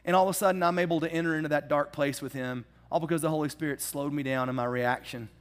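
A man preaching a sermon in a casual, animated storytelling way, with humorous asides. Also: a little high, fast. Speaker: pastor.

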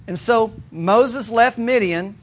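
A man's voice: high voice, slow. A male pastor preaching a sermon in a conversational, humorous way, building points through emphatic repetition.

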